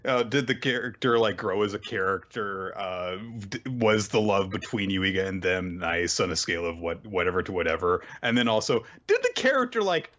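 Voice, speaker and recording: A man's voice: medium pitch, a bit bright, muffled recording. A man co-hosting a casual podcast, chatting and laughing often. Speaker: podcast co-host. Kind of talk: casual chat.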